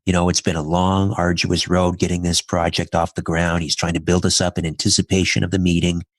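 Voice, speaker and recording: A man's voice: deep voice, little pitch movement, brisk, no echo, studio quality. A middle-aged man, a podcast guest, telling a personal story in an earnest, reflective way, step by step.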